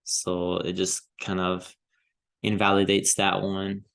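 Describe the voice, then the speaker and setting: Slow, gravelly-voiced man thinking aloud. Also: deep voice, completely flat delivery, a bit bright. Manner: hesitant, thinking aloud with fillers and restarts; easygoing, chuckles to himself. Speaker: crypto trading vlogger. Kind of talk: casual chart analysis commentary.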